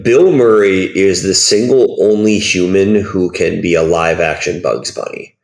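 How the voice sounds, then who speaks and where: Rambling low-voiced man in a roomy space. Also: measured pace. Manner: rambling, animated storytelling full of fillers. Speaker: guest. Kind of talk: casual interview chat.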